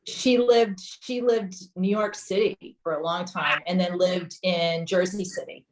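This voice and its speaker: A woman's voice: fairly low pitch, fairly even intonation, measured pace, a little hiss or hum, rough recording. A woman client at a reading, mostly giving short replies and speaking at more length when she talks about her family. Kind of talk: casual conversation.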